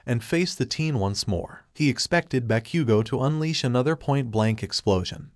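A man narrating a fanfiction story aloud at a steady, even pace. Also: medium pitch, moderate pace, no room sound, clean studio sound.

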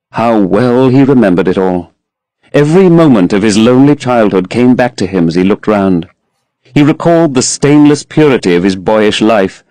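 A man narrating a classic novel as an audiobook in a measured, expressive way. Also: on the low side, no echo.

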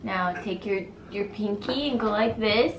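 A woman's voice: medium pitch, measured pace, reverberant, slight background noise. A woman co-hosting a casual family vlog, cheerful and giggly as she coaxes her child. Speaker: vlog co-host, mother. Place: outdoors on a home porch.

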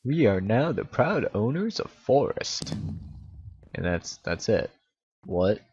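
A man rambles through casual gameplay commentary, his pitch leaping up and down as he exclaims at what happens on screen. His voice sits low and he talks at an unhurried pace. Keyboard and mouse clicks come through clearly in the background. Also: big pitch swings, a little mellow, muffled recording, a little hiss or hum. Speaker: gaming YouTuber.

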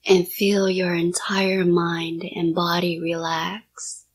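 A woman hypnotist in a whispered role-play, giving soft, repetitive hypnotic commands in a partly whispered voice. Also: lowish voice, completely flat delivery, slow pace, a little hiss or hum.

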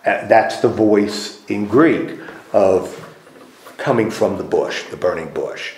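Slow and darkish, his voice on the low side, a man conducts a group Bible study in a church meeting room. He questions the group and repeats their responses, and the recording echoes roomily.

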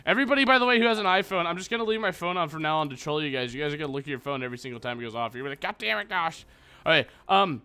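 A man's voice: a little high, very fast, pushed and bright, clear, resonant tone. A young man giving casual let's play commentary, rambling and joking with his viewers. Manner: goofy, rambling, jokey asides to viewers. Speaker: gaming channel host. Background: faint background music.

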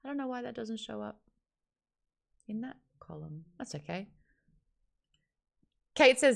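Lively woman hosting a live stream. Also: mid-range voice, normal speed, vocal fry, long pauses. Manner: animated, reads out viewer names and comments. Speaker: book club host. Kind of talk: live-stream chat with viewers.

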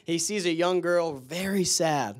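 A man with a slightly higher voice preaches in church. He laughs often as he tells his stories, then turns to fervent prayer. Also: measured pace. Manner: laughs often, excited storytelling. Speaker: guest preacher. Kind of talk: sermon storytelling and prayer.

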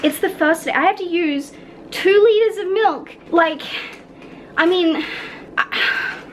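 High-pitched woman, home vlog, frank rambling chat, light background hum. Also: takes it slowly, low-quality recording. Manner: candid, rambling, swears freely. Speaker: vlogger. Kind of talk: casual vlog chat to camera. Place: at home in an apartment.

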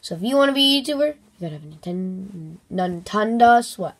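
A woman's voice: medium pitch, animated, brisk, gravelly, few pauses. A woman making a home video, talking to the camera in a playful, rambling way and dropping to a near-whisper for asides. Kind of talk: playful toy-play vlog.

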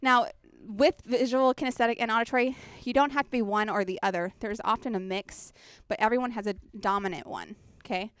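A woman's voice: fairly high pitch, steady tone, fairly quick, few pauses, fairly bright tone, smooth, no echo. A woman presenting a children's ministry workshop, chatty and engaging, often checking in with her audience on a handheld mic. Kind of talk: workshop teaching. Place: conference workshop room.

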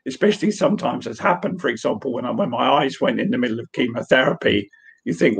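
A man speaking earnestly over a video call, sharing a personal story and laughing lightly now and then. His voice has a gravelly edge and a husky, rough texture. The pitch sits at an ordinary middle height. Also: animated, normal speed. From England. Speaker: guest speaker. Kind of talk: personal testimony in an online Q&A.

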